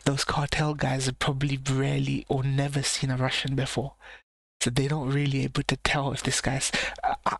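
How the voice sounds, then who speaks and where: Brief: male streamer doing blunt live reaction asides, gravelly voice, dry close sound. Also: mid-range voice, completely flat delivery, fairly quick, a bit bright, no echo. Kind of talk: casual reaction commentary.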